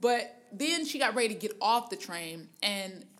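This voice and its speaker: A woman co-hosting a podcast, telling stories in a casual, animated way and acting out other people's lines. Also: mid-range voice, moderate pace. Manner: animated storytelling, laughing often and acting out quotes. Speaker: podcast co-host. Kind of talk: casual chat.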